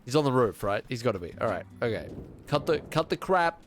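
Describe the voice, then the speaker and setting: Congested young guy gaming on stream, sarcastic, mid pitch, bit of quiet guitar music behind. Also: big pitch swings, brisk. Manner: chatty, sarcastic, mock-outraged asides to chat. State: congested, sick. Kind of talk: casual gaming stream chat.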